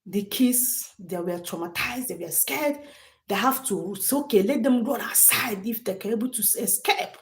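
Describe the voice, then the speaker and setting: A woman with a mid-range voice speaks at a moderate pace, hosting a livestream and talking straight to her chat. Her delivery is emphatic, and she keeps repeating phrases.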